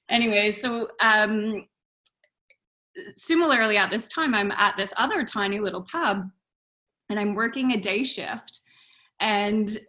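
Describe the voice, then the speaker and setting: A woman's voice: mid-range voice, unhurried, pushed and bright. A woman guest on a podcast telling a story casually and animatedly, with lots of fillers and laughter.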